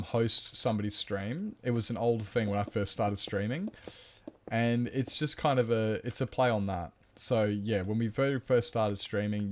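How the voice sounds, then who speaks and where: A man streaming a survival game, chatting casually, reading chat aloud and drifting into mock-grand asides. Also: fairly low pitch.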